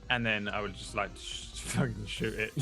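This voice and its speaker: A man's voice: on the low side, steady tone, moderate pace, creaky, over music. A man playing a tabletop role-playing game, casually describing his character's actions and laughing. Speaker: player. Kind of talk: tabletop role-play chat.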